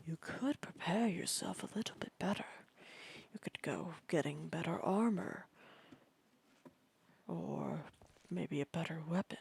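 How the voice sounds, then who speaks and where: A woman doing a low coaxing inner voice, whispered role-play. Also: measured pace, gravelly, husky, heavily acted. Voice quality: whispery, hushed.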